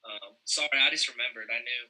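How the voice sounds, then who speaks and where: Man, podcast co-host, casual sports chat, bright tense voice, hesitant, lots of ums and restarts, mid pitch. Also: fast, poor audio. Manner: hesitant, many fillers and restarts, excited bursts.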